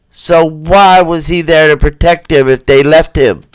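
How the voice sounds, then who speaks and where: A livestream host casually comments on video footage, swearing and repeatedly throwing rhetorical questions at viewers while acting out the people on screen in quoted voices. His voice is fairly high and unhurried, with no room sound.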